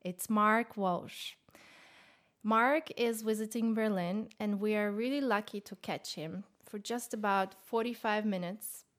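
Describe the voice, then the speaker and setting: Podcast co-host, female, mid-pitched, cheerful, asks the questions. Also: steady tone, measured pace. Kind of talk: podcast interview.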